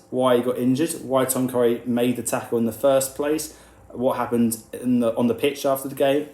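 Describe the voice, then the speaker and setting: A man talking through a sports controversy in an indignant, animated way, now and then slipping into mocking voices when he quotes others. His voice sits at a middling pitch. The sound bounces around an echoey room. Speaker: rugby news commentator. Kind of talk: opinionated commentary video.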